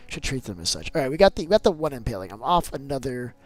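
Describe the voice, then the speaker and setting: A man talking casually over a live gameplay stream at a middling pitch. He rambles between the game and his opinions and leans on loose, chatty fillers as he goes. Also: big pitch swings, quick pace, faint music behind, low-quality recording. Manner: rambling and opinionated, often going on rants.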